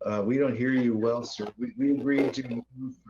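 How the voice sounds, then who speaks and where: A man's voice: mid-range voice, steady tone, moderate pace, warm tone, dull audio. A man chairing a county board meeting, moving through the agenda in a procedural, lightly self-deprecating way.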